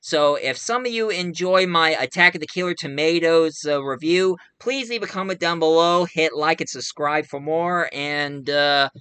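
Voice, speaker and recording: Man, bright tone, smooth voice, dry close sound, casual rambling film review, lots of fillers. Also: on the high side, moderate pace, few pauses, no room sound. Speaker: movie reviewer.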